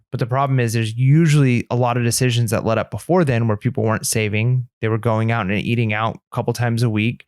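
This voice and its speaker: An earnest man co-hosting a podcast, his speech rambling and full of "like" fillers. He sits at a mid pitch, close to a studio mic in a dry, dead-sounding room. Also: steady tone, fast, hardly any pauses, darkish tone, clean tone, no room sound. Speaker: podcast co-host. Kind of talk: casual podcast chat.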